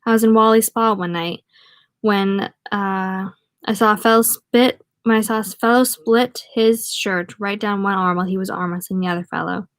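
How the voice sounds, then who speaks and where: A woman's voice: mid-range voice, fairly even intonation, moderate pace, no room sound. A woman reading a novel aloud in a casual way, now and then stopping to add wry comments of her own. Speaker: audiobook reader. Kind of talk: casual read-aloud with asides.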